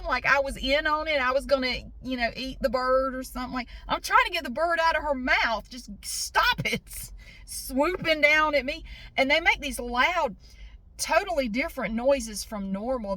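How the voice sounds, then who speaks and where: High, bright-voiced woman telling stories. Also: dry recording. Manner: animated, swearing, acts out quotes. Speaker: vlogger. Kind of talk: casual storytelling to camera.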